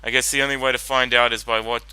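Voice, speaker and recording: A man's voice: mid-range voice, little pitch movement, fast talker, pushed and bright, clean tone, dry recording, rough recording. A man giving casual commentary while watching a cartoon, rambling and hesitant, often correcting himself. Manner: rambling, hesitant, self-interrupting. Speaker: reaction video host.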